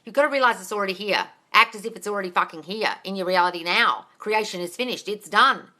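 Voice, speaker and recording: A woman's voice: medium pitch, fast talker, sharp tone. A woman coaching viewers on a live stream, reading out their comments and answering bluntly, swearing casually and calling them darling.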